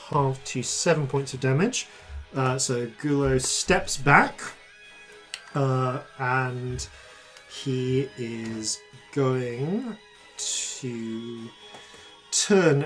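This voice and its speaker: A man narrating as dungeon master, halting and full of fillers and self-corrections. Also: medium pitch, fairly bright tone. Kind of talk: narrating a tabletop game.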